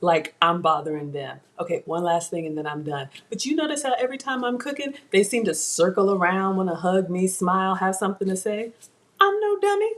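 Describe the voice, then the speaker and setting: A woman's voice: on the low side, brisk, hardly any pauses. A woman hosting a live home cooking class, chatty and self-teasing as she talks to viewers from her kitchen. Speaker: cooking show host.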